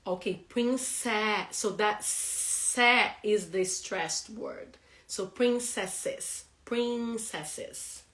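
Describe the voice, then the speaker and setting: Non-native woman teaching pronunciation, unhurried delivery, laughs a lot, echoey room. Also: medium pitch, bright, forceful tone. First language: not English. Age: adult with a young son. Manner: laughs often, repeats words slowly to model pronunciation. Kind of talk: casual pronunciation lesson.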